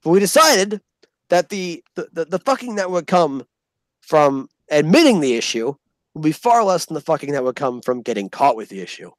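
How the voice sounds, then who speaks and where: Profane, animated man telling a story. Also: fairly high pitch, normal speed, dry recording. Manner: animated, profane, acts out quoted voices. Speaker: storyteller recounting army basic training. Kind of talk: casual storytelling vlog.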